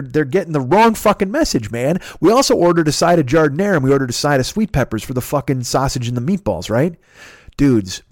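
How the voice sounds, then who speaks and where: A middle-aged man tells a long, profanity-laced story in a podcast. His voice sits at an ordinary middle pitch and the sound is dry and close, with no room around it. He slips into quick impressions of his friends as he rants. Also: a little mellow, dry recording. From Chicago area, USA. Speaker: podcast host. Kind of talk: casual storytelling.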